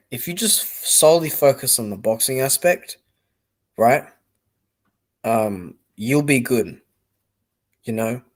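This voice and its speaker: A young man giving casual, rambling live-stream commentary on boxing, blunt and swearing freely. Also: mid-range voice.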